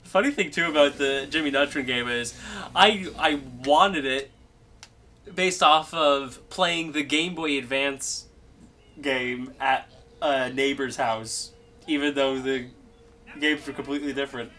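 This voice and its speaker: Slow-talking bright-voiced young man. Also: mid-range voice. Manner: rambling, chatty, laughs easily. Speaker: streamer playing a game. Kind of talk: casual game-stream chat.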